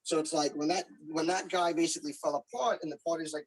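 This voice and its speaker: A man who runs games, explaining a problem in casual chat, halting and full of fillers. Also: fairly high pitch, breathy edge, poor audio. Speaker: game master, podcast co-host. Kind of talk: casual chat among friends.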